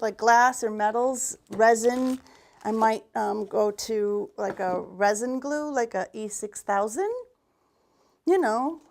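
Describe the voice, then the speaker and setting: A chatty woman with a fairly high voice and a gravelly edge leads a live craft demonstration as a paint retailer. She rambles, restarts her sentences and mutters asides while a little out of breath. She speaks into a livestream camera in an indoor workshop. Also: a little mellow, a little hiss or hum. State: a bit out of breath.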